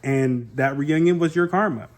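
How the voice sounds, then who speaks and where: A man's voice: fairly high pitch, normal speed, reverberant, a little hiss or hum. A young man giving a casual, opinionated review of a reality TV season, talking bluntly with slang and frequent swearing.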